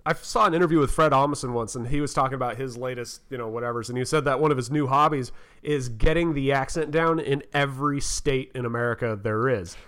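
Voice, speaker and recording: Male co-host with a mid-pitched voice, easygoing chat, quick to laugh, thoughts trailing off. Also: a bit bright. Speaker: podcast co-host. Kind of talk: casual chat.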